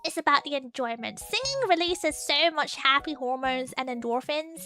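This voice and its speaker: A woman chatting casually with her live chat as a streamer host, giggly and excitable, laughing often as she talks. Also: high-pitched, moderate pace, faint music behind.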